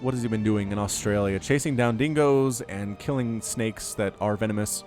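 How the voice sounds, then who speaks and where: A man's voice: mid-range voice, normal speed, a little mellow, soft background music. A man doing upbeat, jokey solo commentary on a strategy video game, recorded close on a desk mic at home.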